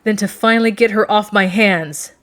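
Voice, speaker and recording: A woman's voice: lowish voice, fairly even intonation, normal speed, natural voice. A woman reading aloud, voicing a proud young captain who speaks in a clipped, restrained way. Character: proud young male captain, guarded temper.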